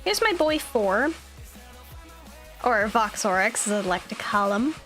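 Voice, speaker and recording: A woman's voice: mid-range voice, expressive, a little slow, a bit bright, faint music behind. A young woman streamer chatting casually, upbeat and rambling with plenty of fillers. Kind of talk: casual chat.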